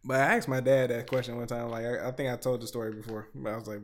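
A man in casual chat, joking with a profane, lively delivery. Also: mid-range voice, fast talker, hardly any pauses.

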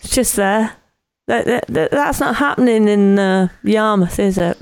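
A woman's voice: medium pitch, measured pace, clean tone. A woman chatting casually as a podcast co-host, dropping wry jokes and laughing often. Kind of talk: casual chat.

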